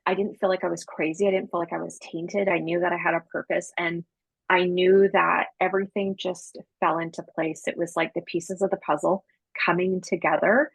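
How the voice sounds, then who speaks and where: A woman with a husky, fry-laden voice tells her story to an interviewer in a loose, slangy way, acting out what people said. The sound is dry and close, with no room around it. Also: lowish voice, no room sound, poor audio. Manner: animated, chatty, slangy, acts out dialogue. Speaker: podcast guest, psychic medium.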